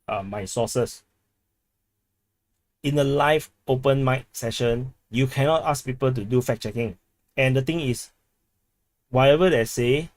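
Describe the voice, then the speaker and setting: A man from Singapore with a Singaporean English accent, hosting a live stream and chatting casually as he reads viewer comments, often repeating words and laughing. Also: medium pitch.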